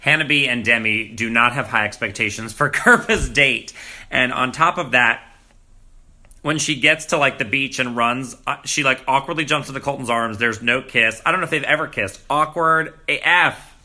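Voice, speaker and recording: A man giving a casual, gossipy recap of a reality dating show, sometimes jumping up high in pitch to mock the contestants. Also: moderate pace. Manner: animated, gossipy, swings into high mocking quotes. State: groggy morning voice. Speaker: recap vlogger. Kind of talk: casual commentary.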